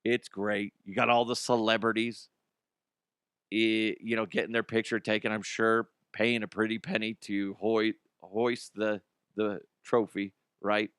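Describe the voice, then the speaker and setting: A man's voice: lowish voice, level tone, unhurried, a bit bright, clean tone, no room sound, studio quality. Profane sarcastic man ranting sports. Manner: profane, sarcastic, laughs at own jokes; mocking impressions of fans and players. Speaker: sports talk show host. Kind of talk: casual sports talk rant.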